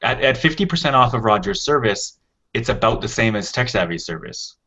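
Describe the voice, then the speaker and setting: A man's voice: mid-range voice, animated, brisk, pushed and bright, slight background noise. A man co-hosting a tech podcast, explaining at length in casual chat with frequent restarts. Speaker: podcast co-host. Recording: dull, lo-fi podcast audio.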